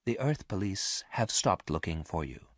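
A man voicing a calm, quiet spaceship crewman. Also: medium pitch, normal speed, no echo, clean studio sound, lightly acted. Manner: quiet, level.

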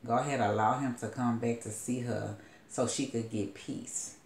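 A woman's voice: very deep voice, fairly even intonation, unhurried, darkish tone, roomy sound, a little hiss or hum. A woman prophetess retelling a story as a sermon, in a loose, rambling storytelling manner with asides.

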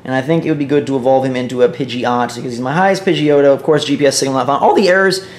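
A young man giving casual, jokey commentary on a mobile game, playful and excitable. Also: medium pitch, very fast, echoey room. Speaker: gaming vlogger.

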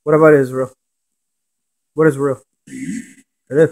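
A man with a fairly high voice runs a ghost-hunting spirit box session. He fires off short questions and echoes back the words he catches, now and then dropping to a near mutter. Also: level tone, measured pace, darkish tone, a little hiss or hum. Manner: asks short questions and repeats the answers he hears. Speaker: paranormal investigator.

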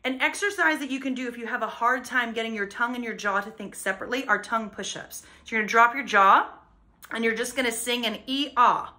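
A woman coaches singing in a high, bright voice. She explains plainly how to shape vowels and sound, the way a vocal teacher talks through a lesson. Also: fast talker. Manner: explains technique plainly, then sings short demo lines. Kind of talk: singing lesson with sung demonstrations.

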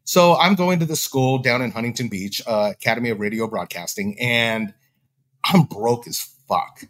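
A man's voice: medium pitch, normal speed. A man telling a story in casual talk, acting out the voices of the people he quotes. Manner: animated, acts out quoted dialogue. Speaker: podcast guest.

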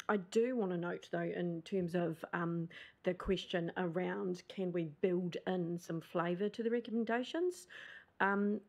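A New Zealand woman, a council staff member, giving a measured, explanatory reply in a formal meeting, with many fillers. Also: fairly low pitch.

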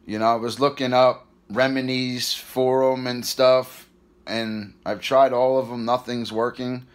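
A man's voice: medium pitch, flat delivery, a little slow, smooth. A man in his thirties, hiccuping, talking to his viewers in a weary, rambling, stressed casual vlog. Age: 30s. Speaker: vlogger.

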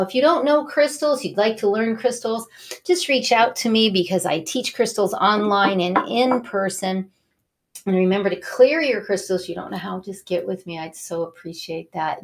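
A middle-aged woman hosting a wellness show, talking straight to viewers as an animated storyteller and Reiki teacher. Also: medium pitch. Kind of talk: motivational talk to viewers.

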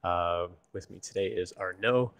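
A man from the United States hosts a casual live stream over a video call. His voice sits low, and he chats in a friendly way with frequent fillers. The sound is dry and close. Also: measured pace, vocal fry, a bit bright, dry recording. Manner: friendly, chatty, many fillers. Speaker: host, developer advocate.

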